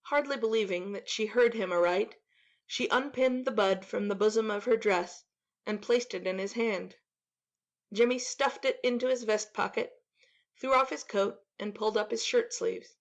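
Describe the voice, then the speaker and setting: A woman narrates a classic tale in a measured, expressive voice at an even middle pitch. Her reading is steady and dramatic, shaping each scene. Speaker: audiobook narrator.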